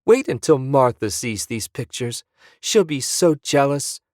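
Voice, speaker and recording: A man's voice: animated, a little slow, darkish tone, no echo, clean studio sound, close to an everyday voice. A man putting on a gushing elderly lady tourist. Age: older. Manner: gushing, high and chirpy. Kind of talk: audiobook character voice.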